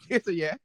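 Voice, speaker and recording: A young man on a casual football podcast, venting about his team with exasperated laughter and repetition. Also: no room sound. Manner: exasperated, laughing at himself, repeats himself. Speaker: podcast co-host.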